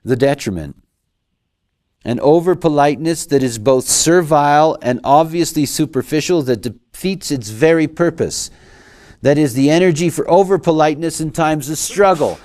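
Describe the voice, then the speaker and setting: A man giving a lecture, talking in an animated way and acting out quoted voices. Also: fairly high pitch. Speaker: lecturer on human design.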